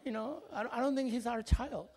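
Speaking English, a man from Korea recounts a family story with an extremely high, creaky voice at a moderate pace. His delivery is expressive, jumping from loud to quiet, and it's thick with fillers.

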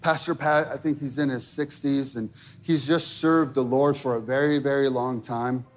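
A man preaching a sermon in a church, talking casually with lots of "like", rising to shouted peaks and dropping to quiet asides. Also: medium pitch, fairly even intonation, normal speed, faint music behind. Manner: casual wording with many fillers like "like". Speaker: pastor. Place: church sanctuary.

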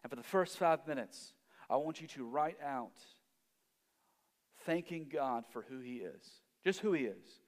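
A man preaching a sermon. He swells to loud emphasis and then drops almost to a hush. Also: medium pitch, lively intonation, measured pace, long reverb tail. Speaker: pastor.

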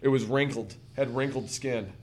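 A man's voice: mid-range voice, normal speed, slight background noise. A man hosting a casual podcast, telling a story with lots of swearing and acted-out quotes. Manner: profane, animated storyteller acting out quotes. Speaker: podcast host.

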